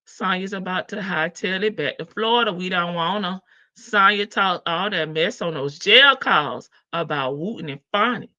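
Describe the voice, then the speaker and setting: Slow, laughing Southern woman streamer. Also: mid-range voice, sharp tone, no room sound. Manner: gossipy, laughing, teasing chat readers. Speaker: livestream host. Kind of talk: casual commentary livestream. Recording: dull lo-fi stream audio.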